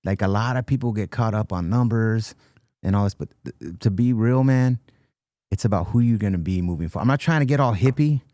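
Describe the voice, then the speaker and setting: A man's voice: fairly low pitch, fairly quick, mellow, no echo, studio quality. A man in his fifties, a guest musician on a podcast, talking earnestly about life and often saying "dude" and "listen". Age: 50s. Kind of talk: casual podcast interview. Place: podcast studio.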